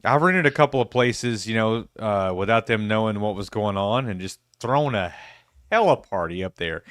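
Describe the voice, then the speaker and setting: A man's voice: fairly low pitch, animated, moderate pace, a bit bright, no echo, clean studio sound. A man co-hosting a casual livestream movie chat, telling laid-back, boastful stories. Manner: laid-back, boastful storytelling, calls people "baby". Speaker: podcast co-host.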